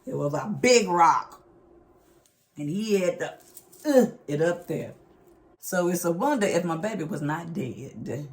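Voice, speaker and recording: A middle-aged woman, telling a family story in a casual, animated, expressive vlog. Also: lowish voice, unhurried, long pauses. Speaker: vlog host.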